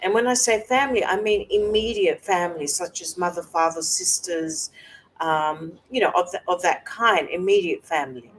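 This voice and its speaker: A woman host talking personally to camera, soft and halting with many fillers, at times close to tears. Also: fairly low pitch, animated, slight background noise, rough recording. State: emotional, close to tears at moments. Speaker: wellness coach and video host.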